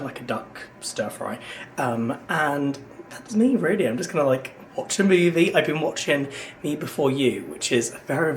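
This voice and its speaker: Filming on a handheld vlog camera from a high-up city hotel room, a man rambles through a relaxed day-in-the-life chat. He speaks at a medium pitch, with slight hiss or hum in the background.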